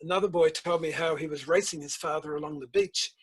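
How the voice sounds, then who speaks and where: An older man, a guest author and principal telling stories in a measured, reflective interview. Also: on the high side, steady tone, husky, rough recording. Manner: measured storytelling, tells anecdotes.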